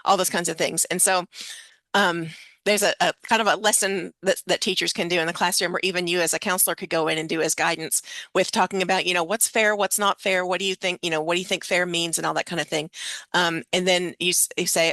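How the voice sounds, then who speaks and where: A woman's voice: on the low side, fairly even intonation, quick pace, a bit bright, no echo. A woman host in a conversational presentation, explaining ideas through examples.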